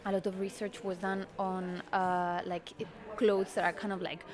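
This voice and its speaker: In a busy showroom at a cultural institute, with clear crowd chatter in the background, a female fashion designer explains her collection during an interview. Her medium-pitched voice is level and at normal speed, thoughtful but full of fillers.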